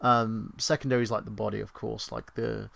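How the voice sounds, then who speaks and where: A man's voice: fairly low pitch, flat delivery, a little fast, vocal fry, a bit bright. A man hosting a live stream, chatting casually and crudely, joking and making loose asides. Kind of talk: casual rambling chat.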